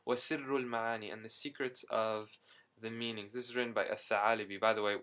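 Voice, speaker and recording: A man's voice: lowish voice, little pitch movement, fairly quick, fairly bright tone, smooth. Young guy vlogging his travels, rambly, keeps correcting himself, acts out his reactions. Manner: self-correcting, frequent asides and fillers. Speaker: video diarist. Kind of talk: casual travel vlog storytelling. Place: Istanbul, Turkey.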